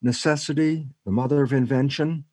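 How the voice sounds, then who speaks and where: A mid-range male voice, a little fast and free of room sound, belongs to an older scientist and author. Interviewed about his ideas, he tells them vividly, acting out both speakers in imagined dialogues.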